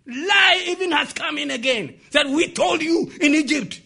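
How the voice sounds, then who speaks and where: A man preaching an impassioned sermon, often shouting and putting questions to the congregation. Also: very high-pitched, measured pace, creaky, hardly any pauses.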